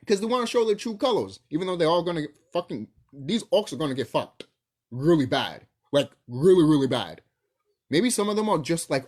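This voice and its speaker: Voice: mid-range voice, very animated, moderate pace, a little mellow. A young adult vlogger talking casually to camera in a profane, rambling rant full of fillers.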